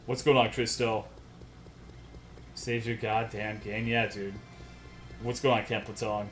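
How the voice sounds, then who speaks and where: A man's voice: fairly low pitch, level tone, unhurried, soft background music. A man streaming a game, ranting to his chat in a worked-up, profane way. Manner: profane, worked-up, swears constantly.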